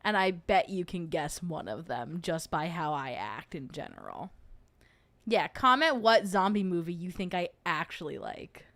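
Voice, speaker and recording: A woman's voice: lowish voice, sing-song, unhurried, fairly bright tone. A young adult woman hosting a livestream, chatting casually and joking in rambling asides while reacting to a video. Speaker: host.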